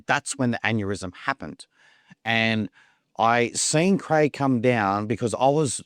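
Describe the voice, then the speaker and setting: A man's voice: mid-range voice, dry recording, studio quality. A man telling his own story in casual talk, rambling, repeating words and acting out the lines of others. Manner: rambling, repeats words, acts out quoted dialogue. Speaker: podcast guest.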